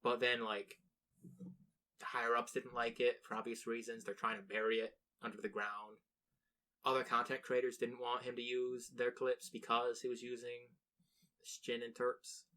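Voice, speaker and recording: A young man chatting on a podcast in a loose, rambling way, tripping over restarts and cursing freely. His voice is mid-pitched and notably bright. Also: little pitch movement, normal speed. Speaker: podcast co-host. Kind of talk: casual chat.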